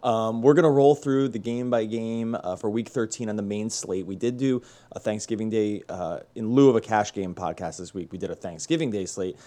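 A man's voice: on the low side, moderate pace, hardly any pauses, mellow. A man hosting a sports podcast, chatting casually and rambling with frequent restarts. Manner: rambling, repeats words and restarts often. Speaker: podcast host.

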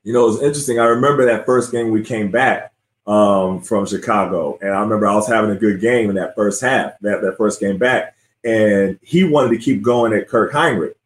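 On the low side and at a moderate pace, this podcast host, a former NBA player in his forties, conducts a relaxed sports interview. His storytelling about the old days is animated, and he often tosses in "you know what I mean?" The room gives off a noticeable echo.

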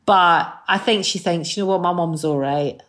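A middle-aged woman with a Scottish accent, chatting as a guest and telling lively stories, acting out what people said. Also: fairly low pitch, moderate pace. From Scotland. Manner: lively storyteller who acts out quotes. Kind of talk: casual chat.

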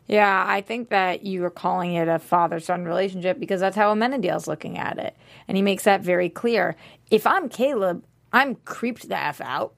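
A woman's voice: mid-range voice, normal speed, vocal fry. A woman on a TV after-show panel, chatting casually with blunt, jokey opinions. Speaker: podcast panelist.

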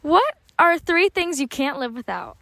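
High-voiced young woman asking quick questions. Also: big pitch swings, pushed and bright. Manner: brisk, question-asking, teasing. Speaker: podcast guest interviewer. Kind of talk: casual podcast chat.

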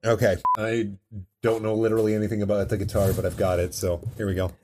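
A podcast cast member joking loudly and excitedly in casual banter. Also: low voice, quick pace, background noise. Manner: excited, shouting jokes, then mumbling.

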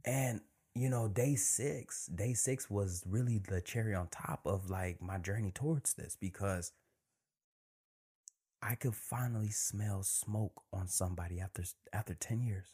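Low-voiced man hosting a casual podcast. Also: a little slow, breathy edge. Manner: relaxed and conversational, drops into near-whispers for emphasis. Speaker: podcast host. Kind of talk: casual solo podcast monologue.

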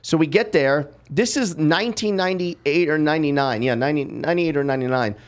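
Animated middle-aged male podcast host. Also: on the high side, a little fast. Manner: lively storyteller, acts out quotes, swears freely. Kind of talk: casual podcast storytelling.

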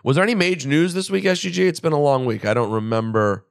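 A man hosting a podcast in casual chat, joking and excitably teasing his co-hosts. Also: a little high, vocal fry, no room sound, studio quality. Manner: joking, excitable, quick to tease. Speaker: podcast host. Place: podcast studio.

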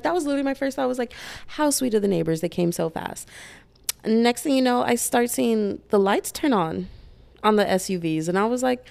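A young woman recounting a story to her camera in a casual, chatty vlog. She talks in an animated rush, loaded with fillers, and her mid-range voice carries a steady gravelly fry. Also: mid-range voice. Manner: animated, fast-talking, many fillers, voices quoted lines loudly. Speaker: vlogger telling a story.

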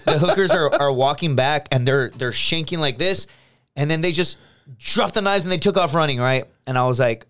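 An American man, a podcast co-host, telling a story in casual chat, animated and full of restarts, acting out his friends' lines. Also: a little high, normal speed, smooth. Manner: animated, restarts a lot, acts out quoted friends.

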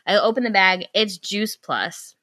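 A young woman and podcast co-host telling a story in casual chat, animated and quick to act out what others said, swearing when annoyed. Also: medium pitch, dry recording.

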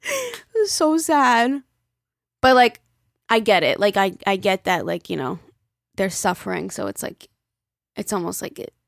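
A woman co-hosting a podcast in casual chat, telling stories with lively acted-out quotes. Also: mid-range voice, gravelly, no echo, studio quality. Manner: animated storyteller acting out quoted voices. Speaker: podcast co-host.

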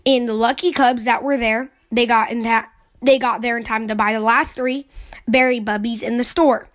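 A woman with a high, youthful voice reads a children's picture book aloud. She keeps the telling clear and friendly, and lifts into excited voices for the young characters. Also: moderate pace. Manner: lively storybook reading with excited voices for the cubs.

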